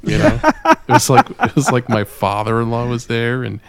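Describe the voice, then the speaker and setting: A man's voice: medium pitch, huge pitch swings, normal speed, smooth. A man in a casual film chat, making wry, self-deprecating asides. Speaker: podcast co-host. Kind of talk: casual movie recap chat.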